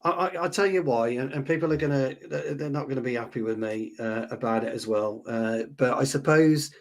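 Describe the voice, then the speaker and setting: A man's voice: medium pitch, fairly quick. Hesitant man with stammering restarts. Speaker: podcast co-host. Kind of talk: casual football chat.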